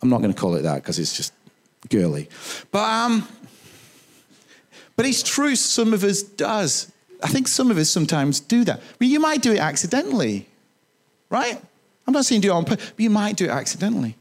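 A male pastor preaching a sermon in a church, chatty and animated, with humorous asides to the congregation. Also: sits high, a little fast, long pauses.

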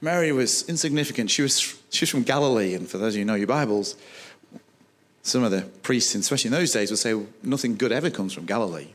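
Animated man preaching a sermon. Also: medium pitch, fast. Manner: animated storytelling, acting out dialogue.

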